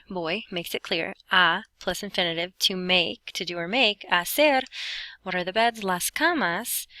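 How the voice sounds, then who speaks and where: A woman teaching a Spanish grammar lesson as a voice-over on her notes, explaining each step in a clear, patient way. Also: mid-range voice, bright, forceful tone, no echo.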